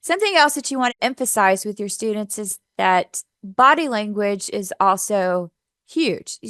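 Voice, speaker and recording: A woman's voice: mid-range voice, animated, moderate pace, a bit bright, no echo. Woman workshop presenter, upbeat coaching manner, dry close sound. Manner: upbeat, coaching, asks the audience questions. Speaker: teacher trainer.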